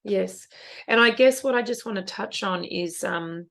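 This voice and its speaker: A woman's voice: medium pitch, measured pace, gravelly, fairly bright tone. A middle-aged woman, co-hosting a casual podcast chat, talking earnestly and emotionally about parenting. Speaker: podcast co-host.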